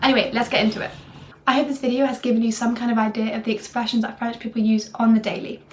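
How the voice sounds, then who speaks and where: A woman's voice: on the high side, level tone, quick pace, a little hiss or hum. A young woman from England giving a casual French phrase lesson, chatty and full of fillers. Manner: chatty, many fillers like "like" and "you know". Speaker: French tutor. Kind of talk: casual language lesson video.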